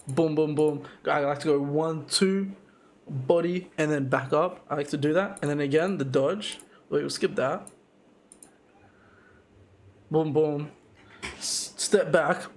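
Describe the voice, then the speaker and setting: Excited young man breaking down his fight. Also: slight background noise. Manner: excited, slangy, full of 'boom' and 'bro', many restarts. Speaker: amateur Muay Thai fighter narrating his fight footage. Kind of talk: casual fight breakdown commentary.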